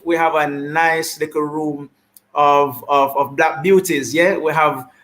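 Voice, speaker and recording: A man with a Jamaican accent hosting an online talk show, animated and full of repeated greetings and shout-outs, heard over a video call. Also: fairly high pitch.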